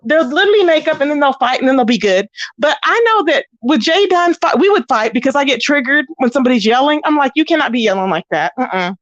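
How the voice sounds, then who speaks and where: High-voiced chatty woman, dry close mic. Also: animated, quick pace, no echo, highs cut off. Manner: chatty and blunt, greets viewers by name. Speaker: host of a live commentary stream. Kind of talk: casual live-stream chat.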